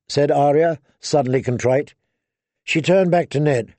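Guy reading a fantasy book out loud, kinda high voice, dry close sound, steady pace. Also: measured pace, no room sound. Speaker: audiobook narrator. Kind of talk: storybook narration of a fantasy novel.

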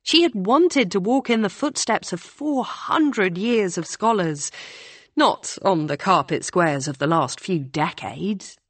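Slow, calm woman reading a novel. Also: mid-range voice, no room sound. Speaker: narrator. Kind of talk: audiobook narration.

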